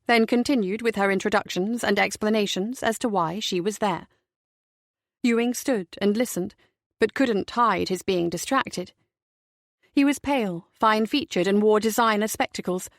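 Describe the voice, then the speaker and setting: A woman narrating a detective novel in a measured, even storytelling voice, close and dry. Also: medium pitch, dry recording. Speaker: audiobook narrator. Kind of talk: scripted narration.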